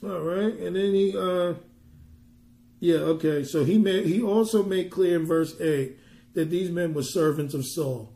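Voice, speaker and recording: A man's voice: sits high, measured pace, vocal fry, dark tone, echoey room. A man ministering, teaching a Bible passage conversationally and pressing his points with emphatic rhetorical questions.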